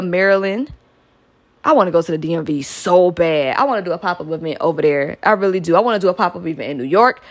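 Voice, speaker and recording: A young woman hosting her own podcast, chatting upbeat shout-outs to listeners. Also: fairly low pitch. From Metro Atlanta, US South. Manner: chatty and upbeat, with frequent "y'all" and laughs. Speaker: podcast host.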